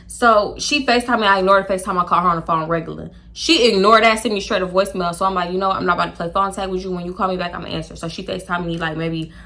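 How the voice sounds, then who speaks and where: A young woman telling a casual storytime, chatty and animated, acting out quoted dialogue with laughs. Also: lowish voice, racing, hardly any pauses. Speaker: storytime YouTuber.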